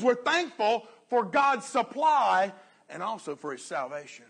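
A man preaching a sermon earnestly, often dropping to a soft hush on key phrases. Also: high voice, sing-song, a little slow, vocal fry, husky.

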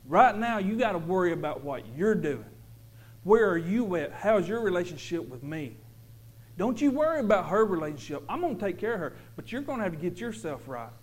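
A man's voice: fairly high pitch, close to an everyday voice. A man voicing God, firm and reassuring. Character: God as a firm, loving male father figure.

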